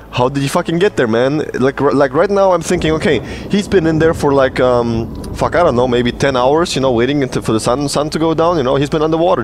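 A man's voice: on the high side, slight background noise. A man giving a profane, sarcastic rant as gameplay commentary, mocking the game he is playing. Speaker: gaming channel host.

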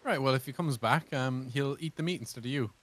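A man's voice: medium pitch, a little fast, fairly bright tone, dry recording. A young man playing a co-op game with friends, laughing often and swearing. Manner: laughs a lot, swearing, jokey. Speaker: gamer. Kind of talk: casual co-op gaming chat. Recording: game music behind voice.

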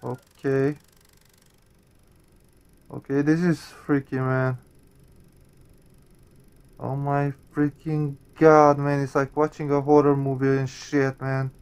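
Man reacting to a horror game for viewers; spooked, swearing, unhurried delivery, mid pitch. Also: little pitch movement, a little mellow, smooth. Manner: jumpy, swearing, talks to viewers. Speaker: gaming channel host.

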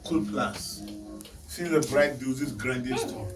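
A man's voice: medium pitch, unhurried, music in the background. Man guiding a museum tour. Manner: broken English, repeatedly checks "you understand?". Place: indoor museum galleries.

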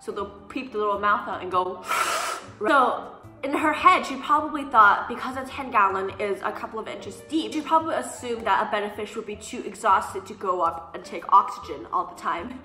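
A young woman vlogger telling casual storytime anecdotes in an animated, sassy way, mimicking the people she quotes. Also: mid-range voice, moderate pace. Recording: echoey room, faint background music.

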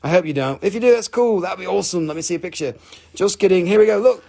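A man's voice: on the high side, lively intonation, fast talker, gravelly, dark tone. A man hosting a live stream, selling crystals and stones in a casual, joking, chatty way, sometimes swearing. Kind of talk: casual live sales chat.

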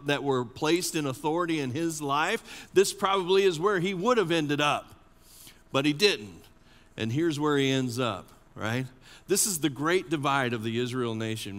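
A man preaching a sermon as an associate pastor, animated and often asking the congregation questions. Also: on the high side. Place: church sanctuary. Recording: long church reverb.

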